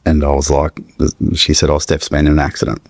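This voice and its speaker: A middle-aged man with a halting manner, recounting a painful personal story as a podcast guest. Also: rumbling low, completely flat delivery, breathy edge, no room sound. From Australia. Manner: halting, searching for words, with restarts.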